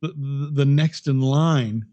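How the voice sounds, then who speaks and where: A man's voice: medium pitch, takes it slowly, dark tone, no room sound, muffled recording. A middle-aged man co-hosting a podcast, chatting casually and reminiscing in a rambling, profane way. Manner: profane, rambling, restarts often. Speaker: podcast co-host. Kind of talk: casual chat.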